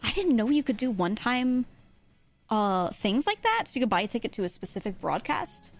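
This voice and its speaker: A woman's voice: on the high side, very animated, a little fast. Chatty streamer woman with a worn voice. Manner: chatty, giggly, lots of fillers. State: strained, irritated voice. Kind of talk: casual chat.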